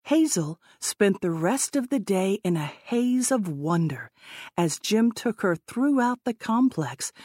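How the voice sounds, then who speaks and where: A woman narrating an audiobook in a measured, expressive way. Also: medium pitch, dry recording, studio quality.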